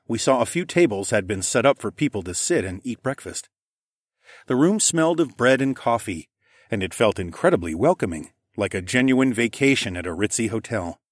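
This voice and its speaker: A man narrating an audiobook in the first person, in a calm, even, low-key way. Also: a little fast, no room sound, studio quality.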